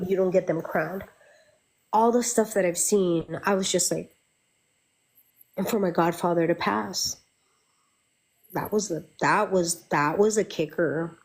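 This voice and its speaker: A woman's voice: lowish voice, a little mellow. A middle-aged woman, a Santeria practitioner, chatting candidly and swearing freely as she tells her stories. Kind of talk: casual chat.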